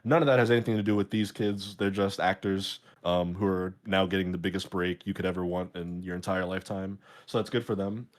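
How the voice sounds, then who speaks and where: Rambling low-voiced man hosting a show. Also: fairly even intonation, fairly quick, few pauses. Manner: rambling, jokey, many fillers. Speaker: show host. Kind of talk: casual podcast chat.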